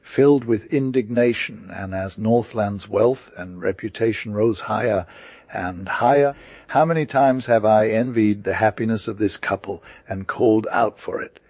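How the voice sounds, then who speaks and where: Older woman, emotional and pleading, voiced by a male audiobook reader; low and dry. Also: moderate pace, darkish tone, no room sound. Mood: tearful. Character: older woman, grief-stricken, remorseful stepmother. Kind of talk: audiobook character reading.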